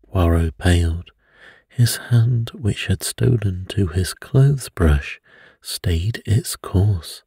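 Slow, husky deep-voiced male storyteller. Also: expressive, dry recording, studio quality. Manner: soft, slow and soothing. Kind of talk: bedtime story reading.

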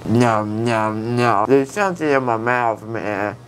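A man's voice: mid-range voice, takes it slowly, noisy background. A young man, groggy and teary after anesthesia, rambling and giggling in a casual vlog. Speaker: patient after wisdom tooth surgery.

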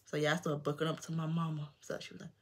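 A young adult woman vlogger telling a personal story in an animated, slangy, emphatic way. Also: deep voice, quick pace, slightly rough. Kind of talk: storytime vlog.

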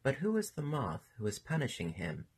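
A man voicing a rude, smooth-talking male moth in a storybook, with a flattering, mocking manner. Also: medium pitch, normal speed, voice pushed up, full character voice. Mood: oily.

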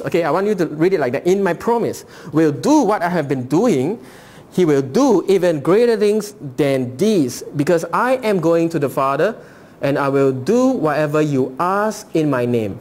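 A man's voice: a little high, animated, moderate pace, a little mellow. A male pastor preaching a sermon, asking rhetorical questions and acting out voices as he reads scripture.

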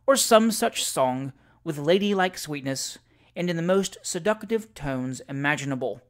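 An audiobook reader giving a measured, deliberate scripted narration of classic sketches. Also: medium pitch, lively intonation.

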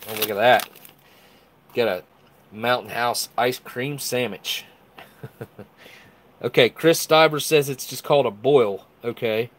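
Male live-stream host, mid-pitched, casual and excitable, talks to his chat. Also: slight background noise. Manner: enthusiastic, chatty, reads viewer comments aloud.

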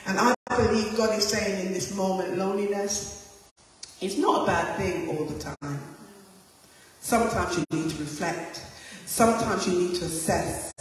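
A woman preacher giving a passionate sermon, swinging between loud calls and hushed asides. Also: mid-range voice, normal speed, a little hiss or hum. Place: large hall or church. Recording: very echoey hall, voice from far off.

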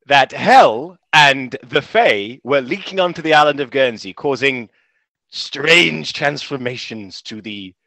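A man running a tabletop game as game master on a podcast, animated and quick to laugh. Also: medium pitch, dry recording. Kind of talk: actual play podcast narration.

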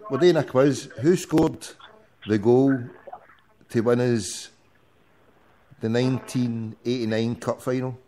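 A man's voice: mid-range voice, steady tone, takes it slowly, long pauses, mellow, slight background noise. A man hosting an internet radio show, teasing his callers and swearing freely in casual banter. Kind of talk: casual call-in chat.

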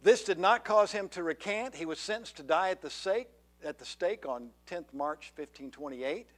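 A man's voice: high-pitched, expressive, moderate pace. A man preaching a sermon as pastor, earnest and full of rhetorical questions to the congregation. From Georgia, USA. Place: church sanctuary.

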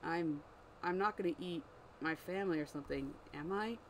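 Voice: mid-range voice, normal speed, a bit bright, a little hiss or hum, natural voice, poor audio. A nervous young mortal man who stumbles over his words yet keeps pressing with earnest questions, voiced by the story's reader. The delivery is plain and close to the reader's own voice, with small restarts. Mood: probing. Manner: hesitant, stammering, questioning.

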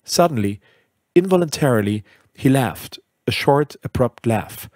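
Brief: male audiobook narrator, measured and deliberate, husky tone, dry sound. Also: mid-range voice, expressive, a little mellow, no room sound. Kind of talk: scripted literary narration.

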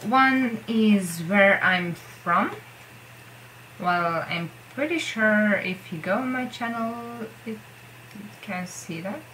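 A woman talks to her viewers in a casual vlog. She speaks slowly and hesitantly, rambling and circling back on herself. Her voice is bright and clear. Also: medium pitch, a little hiss or hum, rough recording. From Central Europe. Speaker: vlogger. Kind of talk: casual talking-to-camera vlog.

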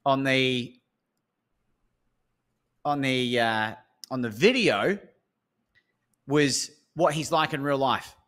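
A man's voice: fairly high pitch, lively intonation, a little slow, pauses often, a bit bright. An Australian man, a speaker and coach, telling a story as an interview guest and acting out the phone calls.

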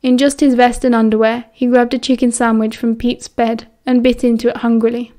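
A woman reads a novel aloud as an audiobook narrator. Her voice is pitched somewhat high for a woman. The reading is steady and even. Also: fairly quick. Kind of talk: reading fan fiction aloud.

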